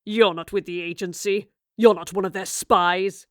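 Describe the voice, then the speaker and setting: A woman's voice: medium pitch, fairly even intonation, moderate pace, no room sound, studio quality, close to an everyday voice. Female narrator doing a sneering villain who swings from smarmy charm to threats. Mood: snarling. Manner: smug, then snarling and threatening. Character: menacing, volatile man hiding his true identity.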